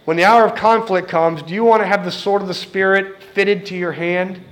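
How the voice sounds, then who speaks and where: A man's voice: high voice, fairly even intonation, moderate pace. A middle-aged man preaching a sermon in an earnest, direct way, speaking to the congregation and acting out the voices he quotes.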